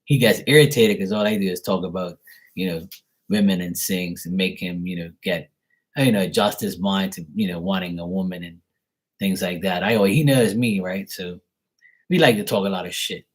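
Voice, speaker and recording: A man's voice: low voice, normal speed, rough recording. A man, a live tarot reader, telling a casual story in a rambling, slangy way, full of "like" and "you know". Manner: rambling, slangy, heavy use of "like".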